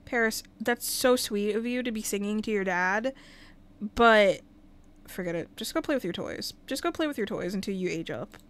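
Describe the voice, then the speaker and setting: Medium-pitched and animated, a woman speaks at a moderate pace while livestreaming a life-sim game. She chats casually, addressing the characters and thanking her viewers.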